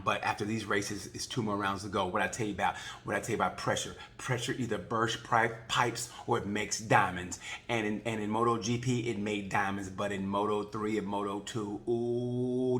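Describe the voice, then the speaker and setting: A man's voice: lowish voice, sharp tone. Rambling, jokey man recapping races. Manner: rambling, jokey, acts out quick voices. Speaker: motorcycle racing video reviewer. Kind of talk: casual animated recap.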